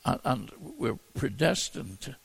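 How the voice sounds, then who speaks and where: A man gives an expository sermon at an unhurried pace. His voice is deeply gravelly and husky. He stumbles and restarts often as he works through the verses. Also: animated. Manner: halting delivery with frequent repeated words and restarts. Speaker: preacher. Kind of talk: expository Bible teaching.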